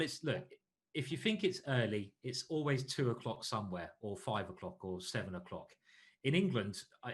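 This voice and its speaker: A man commentating a chess stream in a relaxed, chatty way. He talks in a mid-pitched voice, moving from calm move-by-move analysis to friendly banter with the people watching. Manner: chatty, joking with viewers between analysis.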